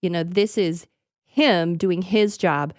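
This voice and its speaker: A woman's voice: fairly low pitch, slow pace, no room sound, studio quality. A woman co-hosting a casual faith chat, reacting readily and speaking reflectively about her own experience. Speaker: podcast co-host.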